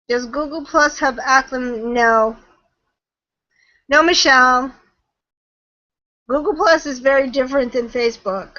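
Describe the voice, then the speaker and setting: A high, bright woman's voice that talks at an unhurried pace. She answers questions chattily, laughs easily and often trails off mid-sentence. The sound is the slightly muffled audio of a video call. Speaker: guest marketing trainer. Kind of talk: webinar Q&A chat.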